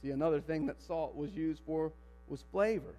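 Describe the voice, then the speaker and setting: A man preaching a sermon in a church, animated, firing rhetorical questions and building to emphatic declarations. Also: on the high side, moderate pace. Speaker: pastor. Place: church sanctuary. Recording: long hall reverb with mains hum.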